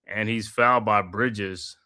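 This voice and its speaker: A man hosting a live watch-party stream, calling the game play by play in a steady flow with casual slang asides. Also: fairly low pitch, slow pace. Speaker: host.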